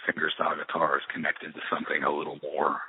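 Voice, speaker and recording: A middle-aged musician talking in a casual interview, rambling with many restarts and fillers. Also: male voice, extremely low pitch, monotone, fast talker, a little hiss or hum. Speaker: musician guest. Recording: tinny phone-like roomy sound.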